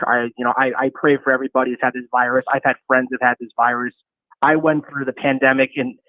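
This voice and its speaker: A man's voice: medium pitch, no echo. A man calling in to a sports talk show, blunt and impassioned. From New York City. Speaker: caller. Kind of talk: call-in radio talk. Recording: tinny phone line.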